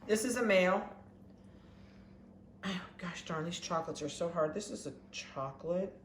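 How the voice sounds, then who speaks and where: A dog breeder chatting casually while weighing and collaring puppies, talking softly and coaxingly to them. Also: mid-range voice, normal speed. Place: indoor kennel room. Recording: echoey room with faint background noise.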